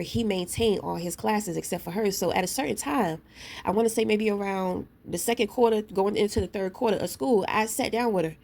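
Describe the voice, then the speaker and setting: A woman's voice: medium pitch, creaky, darkish tone, a little hiss or hum. A woman and parent ranting to her camera in a blunt, profane, confrontational way, telling a story full of asides. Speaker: vlogger. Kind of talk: casual rant to camera.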